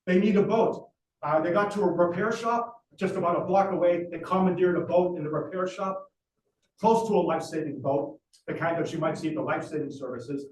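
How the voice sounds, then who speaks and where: A man with a fairly high voice tells a history as a gripping story, stopping often for "uh" fillers. He sounds set back from the microphone in a roomy space with echo, and a faint hiss runs underneath. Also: a little fast, distant mic. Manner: dramatic storyteller with frequent "uh" fillers. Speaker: lecturer. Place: library talk room.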